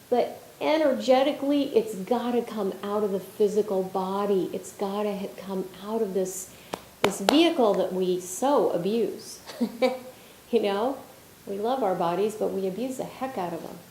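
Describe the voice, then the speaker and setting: A woman leading a spiritual healing workshop, talking in an animated, conversational way with frequent restarts. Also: medium pitch, unhurried, a little hiss or hum. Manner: animated and expressive, with frequent restarts and filler phrases. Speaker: workshop leader and spiritual healer. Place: conference hall. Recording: roomy conference hall echo.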